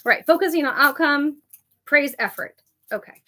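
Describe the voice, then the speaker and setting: A woman's voice: sits high, normal speed, bright, forceful tone. A woman co-hosting a casual podcast, chatty and scattered, often interrupting herself and laughing. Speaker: podcast co-host.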